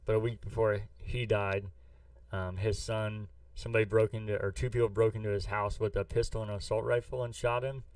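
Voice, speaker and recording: A man's voice: on the low side, clean tone, no room sound, far from the mic. A man from the US Midwest, co-hosting a podcast, chatting casually in a rambling, profane storytelling way. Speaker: podcast co-host. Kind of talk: casual chat.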